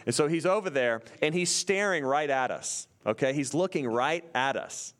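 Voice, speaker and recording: Brief: young man, animated storyteller, mid-pitch, loud yelling bursts. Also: normal speed. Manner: excitable, acts out screams and voices.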